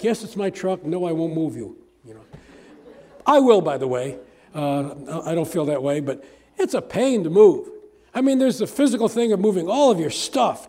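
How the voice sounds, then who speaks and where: An older pastor preaches in a folksy, chatty way, often turning to his congregation with questions. His voice sits high yet sounds mellow and warm, never sharp. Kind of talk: conversational sermon.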